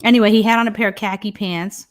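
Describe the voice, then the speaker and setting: A middle-aged woman chats casually as a host, animated and quick to laugh. Her voice sits at an ordinary pitch and she tells her stories with plenty of energy. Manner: animated storyteller, laughs often. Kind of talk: casual chat.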